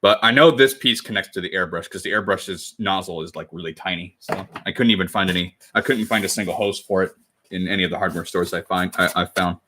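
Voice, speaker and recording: A young man in his twenties chats with his viewers while he works on crafts at home, often stopping to correct himself. His voice is bright and sits somewhat low, and a faint noise runs under the recording. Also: fast talker. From United States. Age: 20s. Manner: rambling, self-correcting, chatty with viewers. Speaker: cosplay livestreamer. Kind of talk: casual livestream chat while crafting.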